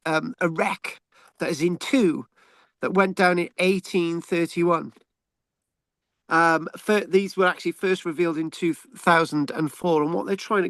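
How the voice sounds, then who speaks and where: A man's voice: fairly high pitch, a bit bright, no room sound. A man from England hosting a casual history talk, rambling with frequent ums and repeated words as he reads out the news. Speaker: history channel host.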